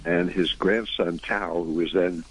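Deep husky older man telling stories. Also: steady tone, measured pace, low-quality recording. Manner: earnest, rambling, preachy anecdotes. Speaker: radio guest, musician. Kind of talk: conversational storytelling.

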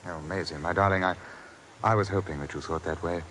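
An actor playing a gallant, stammering lord in a 1940s radio drama. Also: male voice, sits low, fairly even intonation, brisk, fairly bright tone, slight background noise. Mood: courtly. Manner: fussy and stammering. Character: gallant, flustered English lord in love.

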